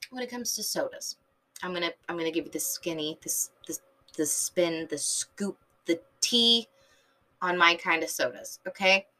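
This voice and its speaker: A woman's voice: on the low side, a little slow, long pauses. A woman from San Diego in her thirties, hosting a podcast in a rambling casual monologue, full of fillers, swearing and sudden tangents. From San Diego, Southern California. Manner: animated, filler-heavy, swears freely, jumps between tangents. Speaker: podcast host.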